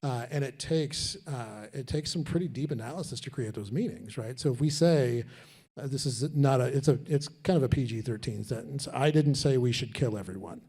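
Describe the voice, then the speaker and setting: Guy on a campus panel, kinda husky voice, trips over his first words. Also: mid-range voice, normal speed. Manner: animated, repeats words when starting a thought. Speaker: panelist and moderator. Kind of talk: college panel discussion. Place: lecture room.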